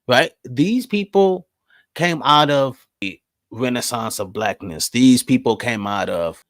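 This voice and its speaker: A man's voice: medium pitch, a bit bright, no room sound, clean studio sound. A man hosting his own podcast, delivering a heated, profane monologue full of rhetorical questions, often checking in with "right?" and "you know what I mean?". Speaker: podcast host.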